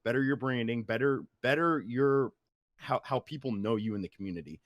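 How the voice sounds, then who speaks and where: A man's voice: mid-range voice, fairly quick, dry recording, muffled recording. An eighteen-year-old man from the United States, a guest streamer talking earnestly and motivationally in a casual interview. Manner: earnest, motivational, repeats words.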